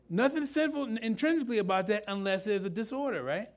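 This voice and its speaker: Speaking a little fast in a voice that sits high, a man preaches to a live church congregation. His sermon is loose and conversational, peppered with questions for the audience.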